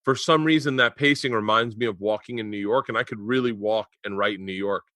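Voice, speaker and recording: A man in his forties hosts a casual podcast chat, rambling through stories and getting loud as they build. His voice is bright and forceful. The sound is close and dry. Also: on the low side, fairly quick, no echo. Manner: rambling storyteller, gets loud and laughing in anecdotes. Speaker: podcast host. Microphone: remote podcast mic.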